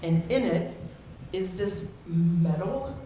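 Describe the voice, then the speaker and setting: A man's voice: sits high, expressive, takes it slowly, warm tone. Chatty man telling a story in an echoey hall. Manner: chatty, laughing as he tells a funny story. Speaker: eulogy speaker. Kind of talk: storytelling speech at a memorial. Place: memorial gathering in a large room. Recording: very echoey room, far from the mic, heavy noise.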